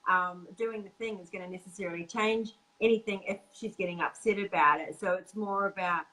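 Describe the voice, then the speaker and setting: A woman hosting a casual chat about relationships, earnest and quick to laugh, acting out what men say. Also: medium pitch, fairly even intonation, sharp tone, poor audio. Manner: earnest, laughs often, acts out quoted men. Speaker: podcast host.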